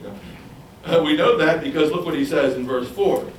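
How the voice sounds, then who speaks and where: A man with a fairly high voice preaches a sermon at normal speed, animatedly putting questions to his listeners and acting out other people's voices. He is recorded from a distance in a roomy space, with faint ambience and slight background noise.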